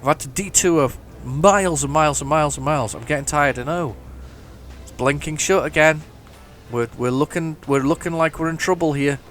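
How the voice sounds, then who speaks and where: A man's voice: a little high, moderate pace, a bit bright, a little hiss or hum. A man giving chatty, mock-heroic commentary while playing a driving game. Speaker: gaming channel host. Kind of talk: casual gameplay commentary.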